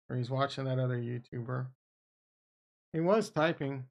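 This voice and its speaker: A man hosting a casual livestream about trading, talking excitably and with profanity as he riffs with viewers. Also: mid-range voice, fairly quick. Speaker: livestream host.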